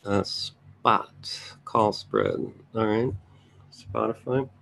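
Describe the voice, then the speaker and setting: Gravelly low-voiced man talking through trades. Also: fairly even intonation, very slow, fairly bright tone. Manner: offhand, thinking aloud while scanning charts, chatty asides to viewers. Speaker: trading educator reviewing charts. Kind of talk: casual live market commentary.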